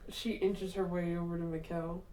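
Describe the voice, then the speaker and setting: A woman's voice: on the low side, level tone, moderate pace, dark tone. A woman playing a tabletop game, describing her character's actions in a playful, teasing way. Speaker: player. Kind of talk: tabletop role-play. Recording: echoey room, off-mic.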